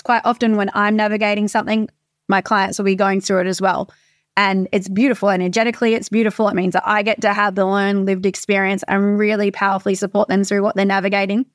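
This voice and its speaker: A woman's voice: medium pitch, dry recording, studio quality. A woman in her thirties, a coach, talking casually and candidly with frequent swearing, in a motivational monologue. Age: 30s.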